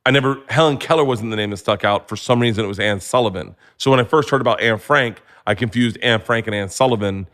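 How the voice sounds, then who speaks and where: A man in his forties, a comedian guest, telling stories in casual chat with animated, excited bursts. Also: quick pace, hardly any pauses. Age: 40s. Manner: animated storyteller, jumps to high excited voices when acting out scenes. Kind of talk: casual storytelling.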